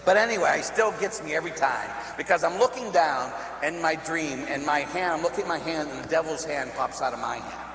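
A man from Pittsburgh, a priest, preaching a sermon as a lively storyteller who acts out voices and laughs at his own tale. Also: a little high, a little fast, few pauses. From Pittsburgh, USA. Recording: echoey hall with faint hum.

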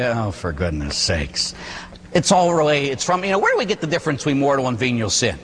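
A man, a Catholic priest, giving an animated, conversational sermon full of rhetorical questions. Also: medium pitch, fairly quick, in a large hall.

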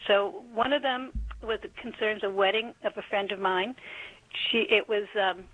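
A woman's voice: medium pitch, moderate pace, phone-quality sound. A woman calling in to a radio show by phone, telling a story in earnest, careful detail. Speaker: caller. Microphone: telephone.

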